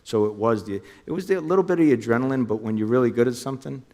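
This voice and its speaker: Speaking rapid-fire in a dark, medium-pitched voice, this former undercover cop from New Jersey recounts his past during an interview. The middle-aged man voices both sides of phone calls, with a long reverb lingering after him.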